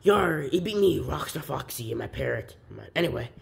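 A man doing a gravelly pirate fox. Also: fairly high pitch, animated, brisk. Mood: gruff. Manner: pirate talk with "yar" and "matey". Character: gruff male pirate fox animatronic.

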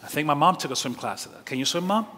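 A man's voice: on the high side, lively intonation, fast, pushed and bright, in a large hall. A male pastor preaching a sermon, telling stories animatedly with laughs and direct questions to the congregation. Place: church sanctuary.

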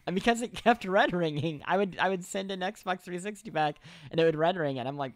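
A man's voice: high-pitched, fairly quick, few pauses. A man casually chatting and joking while playing a video game, sometimes reading game lines aloud. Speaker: game show host. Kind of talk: casual gameplay chat.

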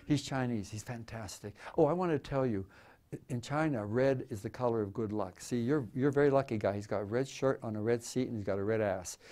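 An older man in his eighties talks to a live museum audience. He rambles, jokes irreverently and restarts his sentences often, with a voice at an ordinary middle pitch. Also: brisk, mellow. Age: 80s. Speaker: photographer speaking at a museum talk. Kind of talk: live talk with audience questions.

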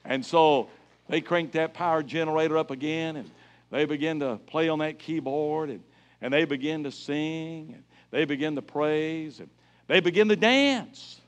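A middle-aged man speaks at normal speed in a slightly high, steady voice as a guest evangelist in a church sanctuary. His evangelistic sermon features emphatic storytelling that climbs to loud exclamations.

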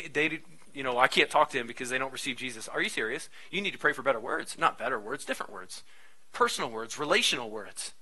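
A man in his thirties, a pastor preaching a sermon in a conversational, animated way with frequent asides. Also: a little high, poor audio.

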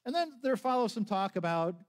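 A man's voice: sits high, sing-song, fairly quick. A man preaching a sermon as pastor, telling a story conversationally, with frequent restarts and acted-out quotes.

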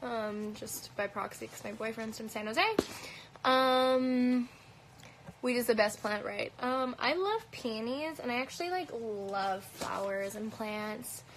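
Holding her phone at arm's length for a livestream Q&A, a lightly Canadian-accented woman fields comments with blunt, swear-filled answers full of "um" and "like." She speaks slowly in a fairly high voice, with slight hiss or hum on a rough recording.

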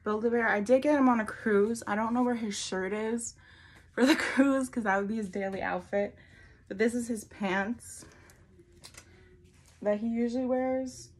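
A woman's voice: medium pitch, a little hiss or hum. Chatty, slightly breathless young woman vlogger. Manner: chatty, rambling, full of "like". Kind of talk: casual haul vlog.

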